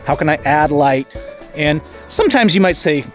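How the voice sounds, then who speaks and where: A man in his forties vlogging outdoors in a park, talking excitedly about photography and often restarting his phrases. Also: a little high, normal speed, faint music behind. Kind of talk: casual outdoor vlog.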